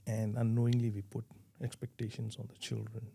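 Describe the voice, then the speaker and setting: Gravelly low-voiced man giving advice. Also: completely flat delivery, a little fast, dark tone. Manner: earnest, advising, with repeated restarts. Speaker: parenting guest. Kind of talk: conversational interview answers.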